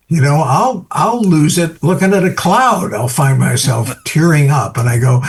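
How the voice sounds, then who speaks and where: An older American photographer in an interview, talking reflectively and acting out little scenes in a lively voice. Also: male voice, measured pace, hardly any pauses. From United States. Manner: animated storyteller, acts out quoted voices with big pitch jumps. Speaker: photographer guest.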